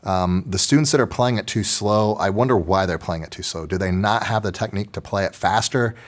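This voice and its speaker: A man's voice: lowish voice, a little fast. A man, talking through an orchestra teaching lesson in a conversational, folksy way with joking asides. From Texas. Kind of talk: instructional video talk.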